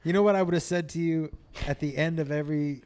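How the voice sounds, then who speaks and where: A man's voice: fairly high pitch, fast talker, clear, resonant tone. A middle-aged man chatting casually on a podcast, telling stories with frequent laughs. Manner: animated storyteller, laughs often. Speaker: comedian guest.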